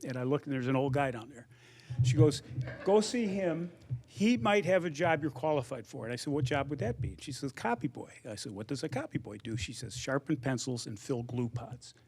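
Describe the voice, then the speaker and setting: A man's voice: mid-range voice, very animated, fairly quick, a little mellow, a little hiss or hum. An older man giving an anecdotal acceptance speech, telling his story conversationally and acting out quoted dialogue. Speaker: hall of fame inductee.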